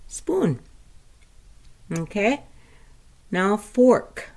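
A woman teaching vocabulary of her people's language, speaking slowly and patiently and repeating each word for listeners to say along with her. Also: mid-range voice, lively intonation, darkish tone. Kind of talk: spoken language lesson.

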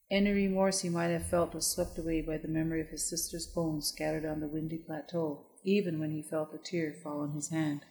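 A woman narrating an audiobook with measured, even pacing. Her voice sits a little low for a woman. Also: rough recording.

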